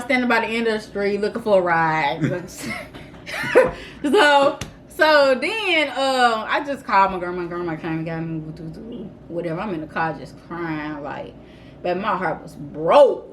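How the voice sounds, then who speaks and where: A woman's voice: mid-range voice, slight background noise. A woman in her twenties telling a storytime vlog story in a casual, laughing, dramatic way. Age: 20s. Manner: animated, laughing, self-described dramatic. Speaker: vlogger.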